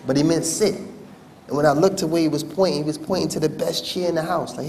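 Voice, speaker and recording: A man speaking to an audience at a university campus event, telling a personal story in an animated way with slangy asides. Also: on the high side, quick pace, creaky, a little hiss or hum.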